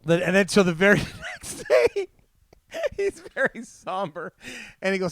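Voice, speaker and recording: A man's voice: sits high, measured pace, gravelly, no echo. A man co-hosting a podcast, telling a long funny story with lots of laughter. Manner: animated, laughs through his own story. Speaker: podcast co-host. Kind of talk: casual storytelling chat.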